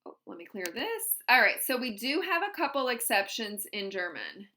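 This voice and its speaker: A woman's voice: fairly high pitch, big pitch swings, moderate pace, pushed and bright. A woman teaching a German grammar lesson in English, patiently explaining step by step with examples.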